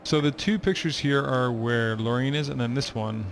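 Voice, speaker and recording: A man narrating as a game master, describing scenes in a relaxed, hesitant way with many ums. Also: mid-range voice, normal speed, vocal fry, a little hiss or hum.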